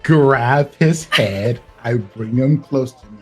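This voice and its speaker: A man's voice: mid-range voice, slow, breathy edge, soft background music. A man taking part as a player in a tabletop game, talking in a wry, playful way.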